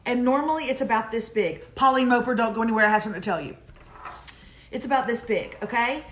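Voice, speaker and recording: A chatty woman in her forties co-hosts a casual live morning show and spins animated stories. Her voice sits a bit high. The room gives it a noticeable echo. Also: fast, slight background noise. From Texas. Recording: echoey room.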